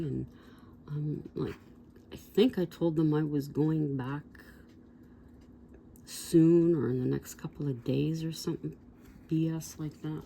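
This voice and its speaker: A woman's voice: low-pitched, steady tone, takes it slowly, gravelly, long pauses, dark tone, slight background noise. A woman in her sixties rambling through an old story for her vlog, with digressions and asides to viewers. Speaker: vlogger. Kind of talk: casual storytelling.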